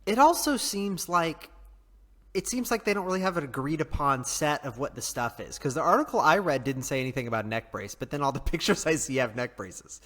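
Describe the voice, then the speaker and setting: A man's voice: on the high side, lively intonation, brisk, fairly bright tone. A man in casual podcast chat, rambling from one joke to the next and laughing often. His voice trails off into a long reverb. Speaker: podcast co-host.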